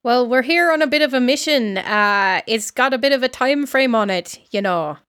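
A woman playing a wary, gruff old aunt and clan elder, grumbling in a lowered voice, with a dry close sound. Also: lively intonation, moderate pace, a bit bright, dry recording.

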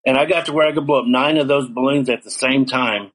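A man's voice: medium pitch, fairly even intonation, quick pace, a bit bright, poor audio. A middle-aged man earnestly telling his life story in an interview, acting out the dialogue he quotes. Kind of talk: personal testimony in an interview.

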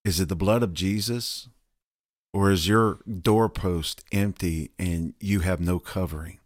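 Co-host, male, very low voice, dry close sound, earnest preacher making an appeal. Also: a little slow, dry recording. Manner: earnest, pleading appeal to listeners. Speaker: podcast co-host. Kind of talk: preaching call to faith.

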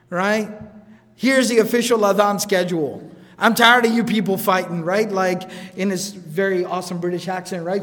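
A man gives a brisk, high-pitched religious lecture, his voice trailing into a long hall reverb. He talks casually, rattles off Arabic quotations and keeps asking his audience "right?". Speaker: teacher.

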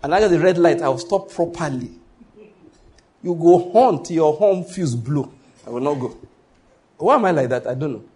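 A pastor delivers a sermon in an emphatic, storytelling manner, hammering points through repetition. He draws the congregation in with call-and-response, and his voice sits a little above the usual male pitch. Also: lively intonation, moderate pace, pauses often, darkish tone.

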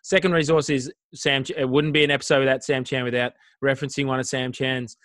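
A man's voice: medium pitch, little pitch movement, quick pace, a bit bright, dry recording. A male co-host presenting a resources segment in an upbeat, casual way.

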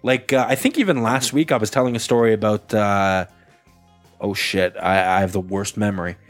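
A man from Canada co-hosting a podcast in casual chat, excitable, stammering and restarting. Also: on the low side, normal speed, soft background music. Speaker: podcast co-host.

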